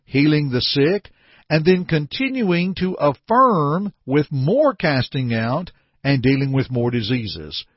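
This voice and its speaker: A man preaching a sermon and reading scripture, earnest and emphatic, calling his listeners dear friends, with a husky voice. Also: medium pitch, no room sound. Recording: dull, dry lo-fi recording.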